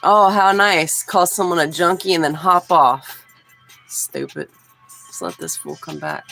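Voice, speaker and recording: Gravelly low-voiced woman chatting on stream. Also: a little slow, faint music behind, rough recording. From Houston, Texas. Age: 40s. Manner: relaxed, chatty, talks straight to chat. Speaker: livestream host. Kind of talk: casual livestream chat with viewers.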